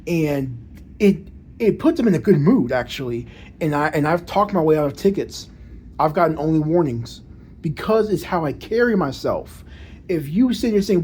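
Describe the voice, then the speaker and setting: A man's voice: on the high side, expressive, a little fast, darkish tone, slight background noise. A man talking casually to camera in a monologue, with proper, careful diction and frequent restarts and repeated words. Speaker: vlogger.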